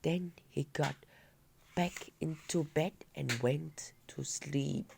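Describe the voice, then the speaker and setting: A woman, a Vietnamese native speaker, reading a children's story aloud with a halting delivery and small slips. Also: sits low, fairly even intonation, vocal fry, noisy background. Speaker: reader.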